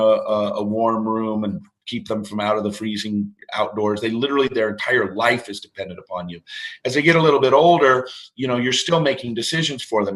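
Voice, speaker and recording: A middle-aged man talks as a guest in a relaxed interview. He wanders through his points with lots of fillers and restarts, at an ordinary pitch. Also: poor audio. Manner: rambling, with many fillers and restarts. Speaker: parenting guest. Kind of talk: casual interview talk.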